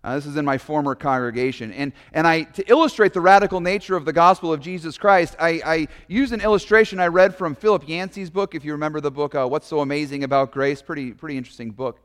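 A man's voice: fairly high pitch, fast talker, few pauses, smooth, in a large hall. A man, a pastor, preaching a sermon in a conversational, storytelling way with casual asides.

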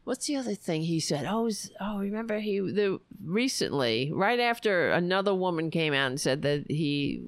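A woman hosting a political talk show, speaking indignantly and profanely, with many halting restarts. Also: lowish voice, big pitch swings, no room sound. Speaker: podcast host.

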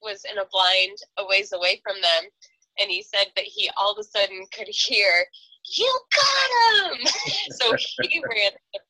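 A woman on a podcast as a guest, chiming into a story in a casual, lively way. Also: medium pitch, moderate pace, no echo, rough recording. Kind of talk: casual chat.

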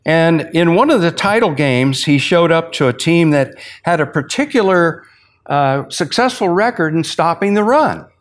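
A man giving an evening Bible teaching in a sermon style, folksy and chatty, slowing down on key phrases. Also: a little high, lively intonation. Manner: folksy, uses sports stories to illustrate points.

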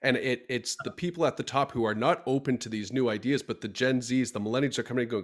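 A man's voice: mid-range voice, quick pace, hardly any pauses. A middle-aged man hosting a podcast, telling stories in a chatty way and acting out his own dialogue. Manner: chatty storyteller, acts out quoted dialogue. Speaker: podcast host. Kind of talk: casual podcast conversation.

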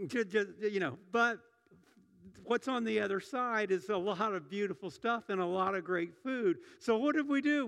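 The long reverb of a church sanctuary surrounds a middle-aged pastor's sermon. His voice sits high, creaky and fairly bright, and his conversational delivery keeps restarting and repeating words.

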